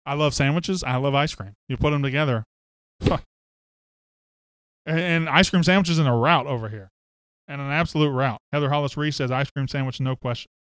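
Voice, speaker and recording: A man's voice: mid-range voice, a little fast, a bit bright, clear, resonant tone, no echo, clean studio sound. A man hosting a casual sports podcast, reading listener comments aloud with a joking, chatty manner. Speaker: podcast host.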